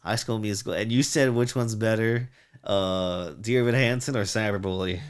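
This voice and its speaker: A man's voice: on the low side, fairly even intonation, moderate pace, smooth. A man co-hosting a podcast, chatting casually about films in a loose, rambling way and swearing freely. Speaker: podcast co-host. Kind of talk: casual film review chat.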